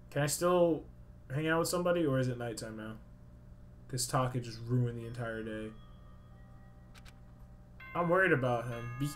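A young man playing a video game, reading the dialogue aloud and reacting with swearing and sudden loud outbursts. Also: medium pitch, normal speed, pauses often, a little hiss or hum. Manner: swears a lot, swings from mumbling to loud excited outbursts. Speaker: let's play gamer. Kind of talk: let's play commentary reading dialogue aloud.

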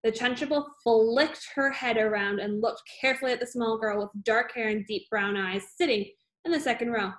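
A woman's voice: on the high side, moderate pace. A woman reading a children's book aloud with an easy, loose delivery. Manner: unscripted-sounding, with fillers and restarts. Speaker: reader.

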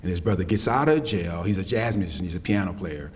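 A middle-aged man from South Carolina, lecturing on campus with animated storytelling and folksy asides. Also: sits low, fast, slight background noise. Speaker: poet lecturing. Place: lecture hall.

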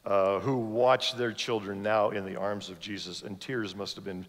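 A man's voice: lowish voice, fairly even intonation, normal speed. A man preaching a sermon as a guest speaker, telling a story and acting out the voices of its people. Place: large church sanctuary. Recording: long hall reverb from a church sanctuary.

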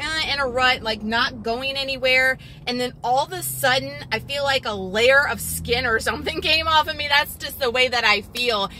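A woman's voice: on the high side, a little hiss or hum. A young woman vlogging casually and chattily, still catching her breath after a workout. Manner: chatty and animated, lots of fillers like "like". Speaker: fitness vlogger. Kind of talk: casual vlog talk. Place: resting in a massage chair.

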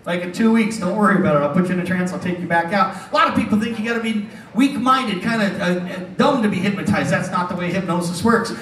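A middle-aged stage hypnotist with a high voice works a casino crowd, teasing people and chuckling at his own jokes. His voice is picked up from across an echoing showroom. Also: fast, fairly bright tone. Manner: wisecracking, teasing the audience, chuckles often. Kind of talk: comedic stage banter with a live crowd. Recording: echoey hall from a distance.

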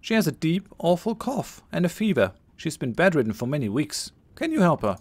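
A man's voice: a little high, sing-song, fairly quick, a little mellow, slightly rough, pitched above the performer's own voice, exaggerated voice. A man reading the lines of a young Viking thegn in a role-playing game, earnest.

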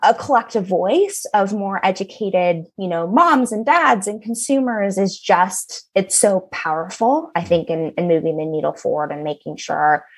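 A woman's voice: mid-range voice, expressive, normal speed, few pauses, husky. A woman company co-founder speaking as a podcast guest, earnest, with frequent fillers and restarts. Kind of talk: podcast interview.

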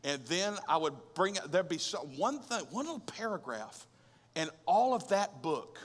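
Male pastor, high bright voice, animated conversational preaching, big reverberant hall. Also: normal speed. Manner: conversational and animated, with rhetorical questions and humor. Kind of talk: sermon. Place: large church auditorium.

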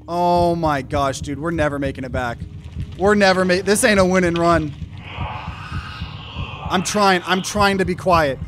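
A young gaming YouTuber gives live play-by-play as he plays, whispering tensely and then bursting into yells. His voice is fairly high, his pace measured with long pauses, and music plays behind him.

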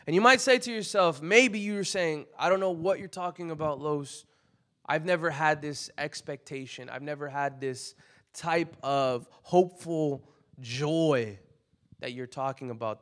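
A young man preaching a casual, conversational sermon, full of "like" fillers, that builds to loud emphatic peaks. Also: medium pitch, a little slow.

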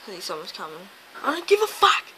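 A woman's voice: medium pitch, wildly swooping pitch, fast talker, pushed and bright, a little hiss or hum, poor audio. A woman vlogging from home by a window, sleepy and grumbling, swearing in nearly every sentence. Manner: swears constantly, drowsy and grumbling. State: sleepy, just woke up. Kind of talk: casual rambling vlog.

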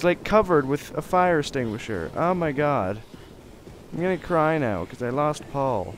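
A man's voice: a little high, expressive, measured pace, slight background noise. Profane joking gamer man. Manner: joking, profane, bursts into shouts. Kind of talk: let's play commentary.

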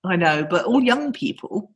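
A woman's voice: mid-range voice, very animated, normal speed, highs cut off. A woman hosting a podcast, arguing her point with eager, rambling enthusiasm and frequent laughs. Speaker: podcast host. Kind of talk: casual chat.

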